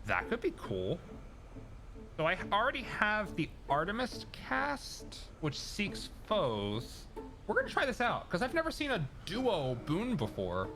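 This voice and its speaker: A man's voice: high voice, wildly swooping pitch, measured pace. A man streaming a video game, chatting casually and cracking jokes about what happens on screen. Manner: joking, chatty, self-deprecating. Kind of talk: casual gameplay commentary. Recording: game music playing clearly behind. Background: game music.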